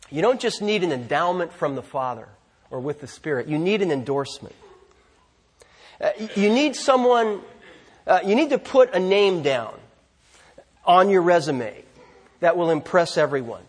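A man preaching a sermon as pastor, earnest, slowing down to stress key phrases. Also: high voice, husky.

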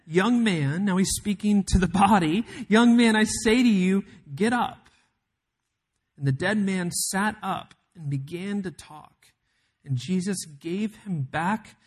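A man preaching a sermon as pastor, telling a story with emphatic build-ups and dramatic pauses. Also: sits high.

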